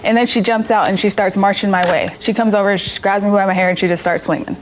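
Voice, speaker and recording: A woman in a mid-range voice recounts a fight, pausing often with ums. Faint noise runs beneath her courtroom testimony. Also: medium pitch, fairly even intonation, low-quality recording. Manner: hesitant narrating with fillers. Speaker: plaintiff. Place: TV courtroom set.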